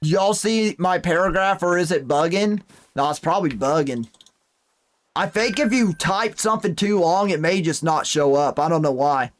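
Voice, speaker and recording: A high-pitched young man speaks at a normal pace in casual live-stream commentary over a hunting game. He chats and reads out viewer messages, peppered with folksy exclamations.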